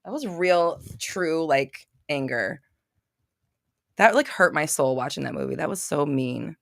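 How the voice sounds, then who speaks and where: A woman's voice: sits low, animated, unhurried, gravelly, no echo. Blunt, swearing woman host, dry sound. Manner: blunt, swears freely, ranting. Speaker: podcast host. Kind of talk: casual live-stream chat.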